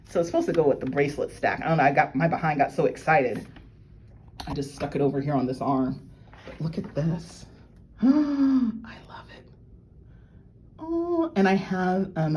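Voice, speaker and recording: A woman, gushing and excitable as she unboxes jewelry and chats with viewers she calls y'all. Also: low-pitched, slight background noise, poor audio. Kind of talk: casual unboxing chat to viewers. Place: at work.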